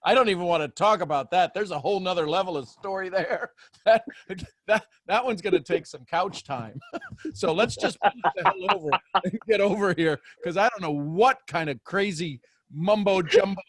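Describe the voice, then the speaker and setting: A man hosting a casual group coaching chat, playful and animated and laughing often. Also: sits high, normal speed, a little hiss or hum. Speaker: host.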